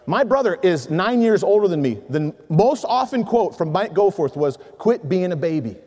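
A middle-aged man preaching a sermon to men, telling animated stories and acting out voices in his anecdotes. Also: high-pitched, normal speed. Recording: long hall reverb.

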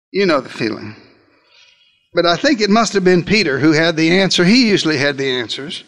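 A man's voice: on the high side, animated, a little fast, a bit bright. A man preaching a sermon, retelling a scene dramatically in the first person with emphatic delivery.

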